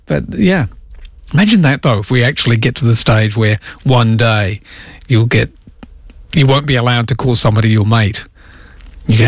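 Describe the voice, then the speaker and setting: A man's voice: medium pitch, animated, a little fast, no echo, clean studio sound. A middle-aged man hosting a talk radio show in casual chat, joking and reading out listener messages. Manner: chatty, jokey, reads listener texts aloud. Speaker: radio host. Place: radio studio. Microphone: studio microphone.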